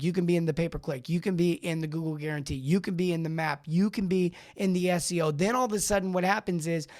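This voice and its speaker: A middle-aged man hosting a live show, coaching plumbing business owners in a rambling, animated way. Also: high voice. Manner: animated, rambling, talks back to live chat. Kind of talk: live-streamed coaching talk.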